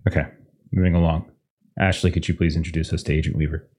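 A man's voice: deep voice, fairly quick, darkish tone. A man running a tabletop game as game master, casually swearing and mock-stern with his players before reading a recap.

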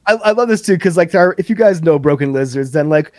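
A man co-hosting a podcast in loose, excited chat about a comedy film. He swears freely and keeps breaking into laughter. His voice sits a little high, and the sound is dry and close to the mic. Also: fast, dry recording. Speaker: podcast co-host. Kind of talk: casual movie chat.

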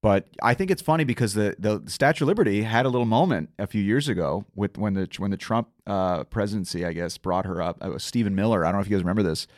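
A man, a tour guide guest on a casual podcast, telling a story quickly with many restarts and asides. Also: fairly low pitch, lively intonation, darkish tone, dry recording, studio quality.

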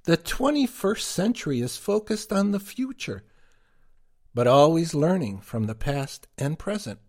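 A man co-hosting a podcast, giving prepared commentary in a deliberate, emphatic way. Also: on the high side, sing-song, a little mellow. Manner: slow, deliberate, emphatic delivery. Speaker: podcast co-host.

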